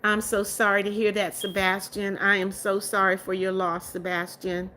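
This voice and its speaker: A woman's voice: medium pitch, flat delivery, normal speed, bright, forceful tone, a little hiss or hum. A young woman hosting a livestream, reading out viewer comments and answering them casually, greeting each newcomer with repeated hellos and welcomes. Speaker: livestream host.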